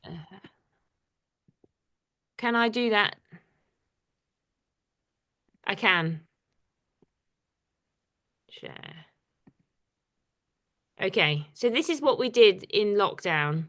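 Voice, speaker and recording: Woman running a little poetry workshop on a video call, lots of ums, chatty and a bit scattered, normal pitch. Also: expressive, drawn-out words, long pauses, fairly bright tone. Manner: chatty, hesitant with many fillers. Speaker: artist leading a poetry workshop. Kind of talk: informal workshop teaching.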